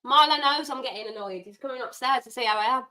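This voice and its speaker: A woman hosting a live football watchalong, reacting loudly and getting exasperated with the players. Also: high-pitched, fast talker, poor audio. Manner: animated, exasperated, shouts at players. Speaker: watchalong host.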